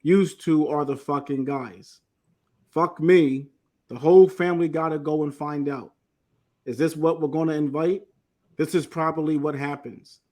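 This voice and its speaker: A man hosting an interview and reading out quoted lines from a transcript, slowly and carefully. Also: on the high side, fairly even intonation, warm tone. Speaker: podcast host.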